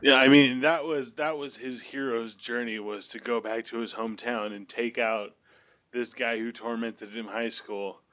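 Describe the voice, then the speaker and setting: A man's voice: medium pitch, fairly even intonation, normal speed, a bit bright. A man hosting a casual movie podcast, blunt and profane, cracking jokes as he retells the plot. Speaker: podcast host.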